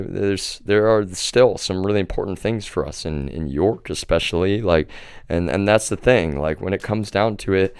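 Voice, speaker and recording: A young man talks to his livestream viewers in a loose, rambling monologue. His voice sits a bit low and sounds smooth. He is close to the mic in a dry, dead room. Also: darkish tone, no echo. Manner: rambling, addresses viewers as "y'all", restarts often. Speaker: livestream host.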